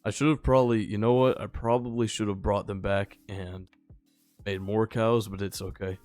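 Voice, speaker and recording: A young man with a slightly low voice chats easily over his gameplay, wandering from topic to topic and talking to the animals he meets. Soft music sits faintly behind him. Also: steady tone, moderate pace. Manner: rambling, easygoing, talks to the game animals. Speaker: gaming channel host. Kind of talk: casual gameplay commentary.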